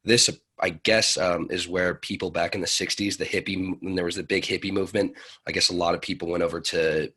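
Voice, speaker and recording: Low husky-voiced man, laid-back. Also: steady tone, brisk, pushed and bright. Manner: laid-back storytelling with loose phrasing. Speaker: podcast guest, traveler. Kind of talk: casual conversation.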